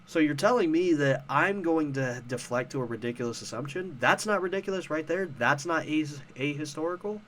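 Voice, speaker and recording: A man's voice: a little high, lively intonation, fairly quick, few pauses, a bit bright, a little hiss or hum. A man hosting a casual commentary show, ranting about online arguments in a profane, sarcastic, heated way. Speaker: host.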